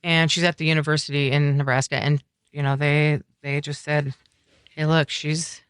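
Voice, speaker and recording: A middle-aged woman talking earnestly as a podcast guest, telling a personal story in halting, reflective sentences. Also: deep voice, flat delivery, clear, resonant tone, no echo, clean studio sound. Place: coffeehouse.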